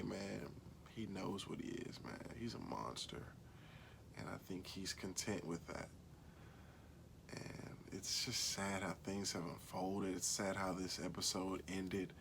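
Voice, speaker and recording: A man's voice: fairly low pitch, vocal fry, slight background noise. A man hosting a casual solo TV-recap video, laid-back and conversational, often asking viewers what they think. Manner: laid-back, says "man" and "y'all" constantly; asks viewers questions directly. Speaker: show recap host.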